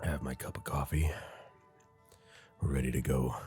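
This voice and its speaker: A man with an extremely deep voice hosts a relaxed gameplay session, sounding congested as he rambles and thinks out loud. Faint game music plays quietly behind him. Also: moderate pace. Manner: rambling, chatty, thinks aloud with many fillers. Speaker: gaming channel host. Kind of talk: casual gameplay commentary.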